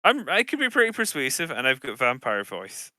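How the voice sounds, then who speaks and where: A man playing in a tabletop game, chatting casually and thinking out loud. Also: mid-range voice, huge pitch swings, a little fast, no room sound.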